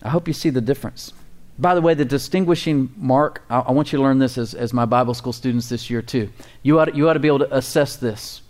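A man preaching a conversational sermon as pastor and Bible teacher, emphatic and animated, chuckling at his own points. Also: medium pitch.

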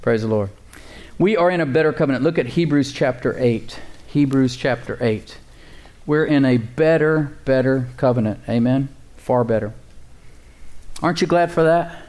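A man preaching a sermon as pastor, calling out to the congregation and slowly repeating key phrases. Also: medium pitch, darkish tone.

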